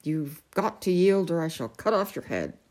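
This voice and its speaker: A woman's voice: lowish voice, sing-song, moderate pace, a little mellow. A woman voicing a bumbling, whiny king in a storybook reading, petulant and plaintive. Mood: pleading. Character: bumbling, whiny middle-aged king, a knight.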